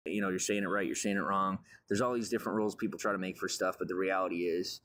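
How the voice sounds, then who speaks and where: A man's voice: deep voice, fairly even intonation, fast, fairly bright tone. A man giving a grandiose, meandering monologue about his life and advice. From raised on a farm. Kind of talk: rambling monologue.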